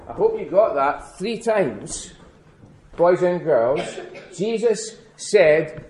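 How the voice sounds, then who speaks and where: A man as a pastor giving a children's address in church, speaking gently and slowly repeating key words for emphasis. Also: high voice, expressive. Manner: gentle, questioning children, slow emphatic repetition. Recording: echoey church room.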